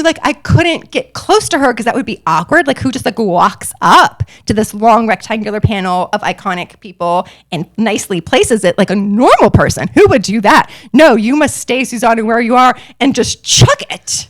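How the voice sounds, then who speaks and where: A woman in her forties tells a personal story on her podcast in an animated, self-mocking way. Her voice sits a little high. She laughs often and jumps into bursts of excitement. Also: moderate pace, hardly any pauses.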